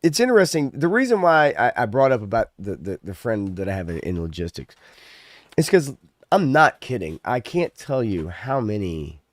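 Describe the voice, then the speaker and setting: Animated, swearing man ranting. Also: mid-range voice, normal speed, no echo. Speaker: podcast co-host. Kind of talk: casual chat.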